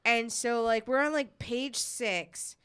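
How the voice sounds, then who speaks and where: A woman's voice: fairly high pitch, takes it slowly, clear, resonant tone. A woman, casually telling a story on a podcast, swearing freely and acting out the other people's lines. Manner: animated storyteller, swears freely, acts out quoted voices. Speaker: podcast co-host.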